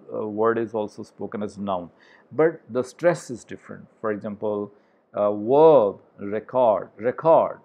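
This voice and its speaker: Middle-aged male professor with a lowish voice, halting lecture delivery, repeats words slowly for drills. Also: a little mellow, lo-fi sound. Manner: halting, with frequent uh fillers. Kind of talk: video lecture.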